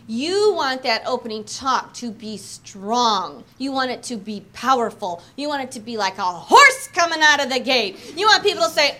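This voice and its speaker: A woman sales trainer coaching an audience on opening talks, acting out sample pitches with energy and emphasis. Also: very animated, moderate pace, hardly any pauses, bright, forceful tone, some chatter behind, a little hiss or hum. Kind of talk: training talk with demonstrations.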